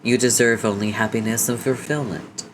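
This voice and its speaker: Male reader voicing a dramatic, chivalrous cat-person, soft and low. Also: steady tone, moderate pace, noisy background, natural voice. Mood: gallant. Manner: courtly, theatrical. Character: gallant flowery cat-person suitor.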